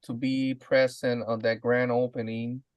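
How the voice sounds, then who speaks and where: A man hosting a live stream show, chatting eagerly with a guest, laughing often and filling pauses with "uh" and "man". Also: medium pitch, little pitch movement, a little mellow, no echo. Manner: enthusiastic, laughing, many fillers. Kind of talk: casual live-stream interview.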